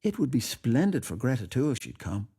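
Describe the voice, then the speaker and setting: A woman's voice: very deep voice, big pitch swings, a little fast, warm tone, husky, pitched above the performer's own voice, heavily acted. A man voicing an earnest young woman who presses with pointed questions in a story reading. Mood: needling. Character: earnest, probing young Irish nationalist woman. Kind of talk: audiobook reading.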